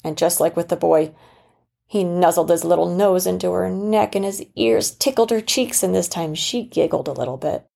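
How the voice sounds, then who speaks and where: A mother narrating a children's story, explaining things gently and patiently. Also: lowish voice, normal speed, creaky.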